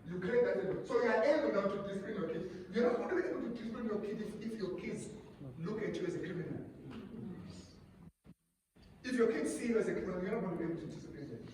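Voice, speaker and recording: A South African man with an isiXhosa-speaking accent, preaching to couples at a retreat in an animated way, often repeating his words. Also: high-pitched, fast talker, a little hiss or hum. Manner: animated, repeats words, mimics a parent calming a child. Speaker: pastor. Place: conference room at a resort. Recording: roomy hall, voice from far off.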